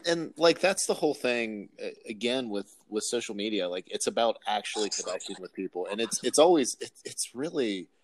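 A man co-hosting a podcast in relaxed casual chat, often restarting his sentences. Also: fairly low pitch. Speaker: podcast co-host.

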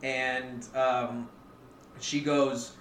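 Slow, bright-voiced man telling a comic story. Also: medium pitch, level tone, reverberant, a little hiss or hum. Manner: slow, hesitant narration with fillers. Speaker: co-host. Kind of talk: improvised comedy storytelling.

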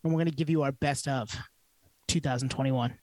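A man's voice: medium pitch, steady tone, a little fast, darkish tone, no room sound. Joking, rambling podcast co-host, a man. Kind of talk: casual chat.

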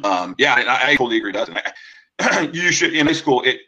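A man's voice: mid-range voice, fast talker, poor audio. A man on a podcast chatting casually, telling a story with lots of acted-out quotes and fillers. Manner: animated, acts out quotes with many fillers. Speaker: podcast co-host.

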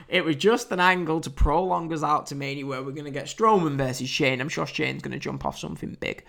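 A man's voice: on the high side, steady tone, brisk, vocal fry, few pauses, fairly bright tone. A British man with an English accent, hosting a casual solo wrestling review podcast, chatty and wry with frequent fillers and restarts. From United Kingdom.

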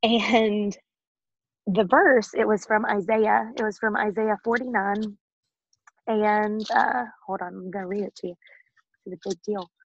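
A woman in her thirties speaks with a husky edge, earnest and full of feeling as she tells her faith story. The recording is dry and a little dull, like a lo-fi home setup. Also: medium pitch, steady tone, measured pace, no room sound. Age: 30s. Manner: earnest and emotional, often laughing, near tears. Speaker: interview guest. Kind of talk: personal faith story in an interview.

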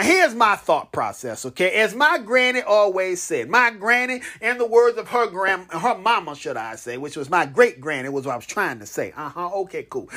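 Male podcast host, casual and playful, swooping animated delivery. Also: high-pitched. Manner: animated, call-and-response, playful. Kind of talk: casual promotional monologue.

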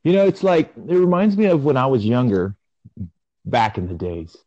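A man in his forties co-hosts a casual audio chat. He muses out loud, rambling and reflective, and drags his phrases into long pauses. The sound is dull and lo-fi, recorded close and dry. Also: mid-range voice, sing-song, dry recording. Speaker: podcast co-host.

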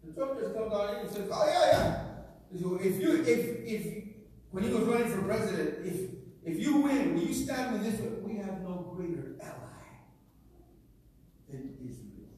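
High-voiced animated preacher man, echoey hall. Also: moderate pace. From Arizona, USA. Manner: animated, colloquial, punctuated with laughs. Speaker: pastor. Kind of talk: sermon. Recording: very echoey hall from far off, faint noise.

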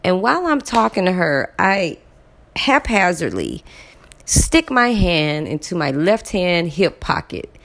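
A woman telling a personal story to her viewers in a casual, animated way, repeating words for emphasis. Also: fairly low pitch, slow pace. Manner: addresses viewers directly.

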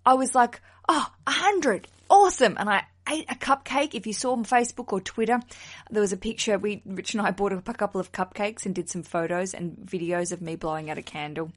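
A woman hosts her own podcast in a relaxed, chatty solo format. She is blunt and outspoken, drops swear words freely and laughs as she goes. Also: mid-range voice, a little fast. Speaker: wedding podcast host. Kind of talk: casual solo podcast chat.

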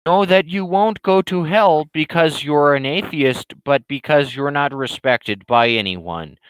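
A smug preachy troll guy, as a man puts him on, higher and drawn out, lecturing slowly, smooth and dry on the mic. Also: dry recording, close to an everyday voice, rough recording. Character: preachy, condescending male online troll.

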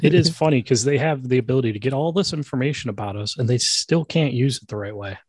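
A man with a mid-range voice adds short, wry jokes to a casual podcast chat. His lines are dry and quick. The recording sounds close, with no room echo. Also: mid-range voice, darkish tone, breathy edge. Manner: wry, dry one-liners. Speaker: podcast co-host.

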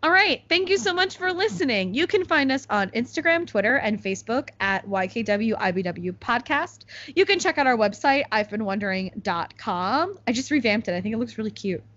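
A woman's voice: a little high, animated, fairly quick, few pauses, fairly bright tone. A young woman from the United States hosting a podcast in casual chat, with lots of "like" fillers. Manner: chatty, full of "like" fillers. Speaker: podcast host. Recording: slightly muffled podcast recording.

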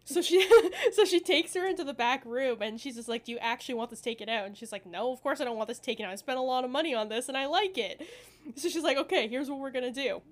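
High-voiced young woman ranting bluntly. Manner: blunt, profane and animated, acting out quoted voices. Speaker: podcast co-host. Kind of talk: casual chat.

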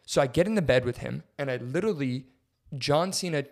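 A man's voice: a little fast, gravelly. A young man co-hosting a podcast, telling a story casually and acting out quotes with big jumps in his voice. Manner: animated, acts out quotes with big pitch jumps. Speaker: podcast co-host.

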